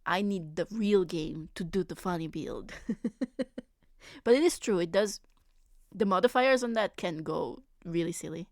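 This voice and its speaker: A woman's voice: lowish voice, unhurried, pauses often, no echo, clean studio sound. A young woman streamer chatting casually with her viewers, giggling often between phrases. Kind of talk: casual live-stream chat.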